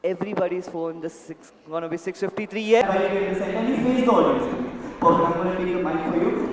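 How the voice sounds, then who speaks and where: A man's voice: sits high, moderate pace, hardly any pauses, big-room sound. A man performing a stage magic act, politely coaxing volunteers and addressing them as sir and ma'am, speaking into a handheld mic. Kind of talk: live magic show patter. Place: large hall at a club event.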